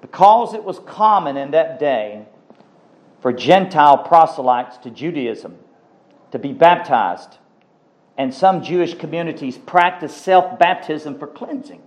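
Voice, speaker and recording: A male preacher delivers a sermon with a voice pitched slightly above the usual for a man. He talks emphatically, doubling back on words and phrases to drive his points home. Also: animated, a little slow, rough recording. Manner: emphatic, repeats words for stress.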